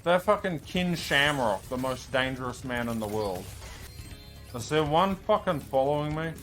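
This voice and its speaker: A man commenting on his own speedrun as he plays, talking to himself, often frustrated, swearing and shouting at enemies. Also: medium pitch, animated, normal speed, faint music behind. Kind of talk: live gameplay commentary.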